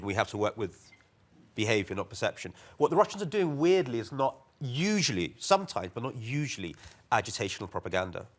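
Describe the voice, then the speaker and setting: Male panelist, ex-TV producer, animated conversational delivery with frequent repeats. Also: mid-range voice. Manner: animated, repetitive, quick asides. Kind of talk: panel discussion talk.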